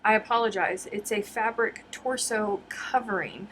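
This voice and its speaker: A woman hosting a live craft stream, chatting with viewers as she unboxes, excitable and giggly, often calling out to "you guys.". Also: mid-range voice, normal speed, husky. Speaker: crochet livestream host.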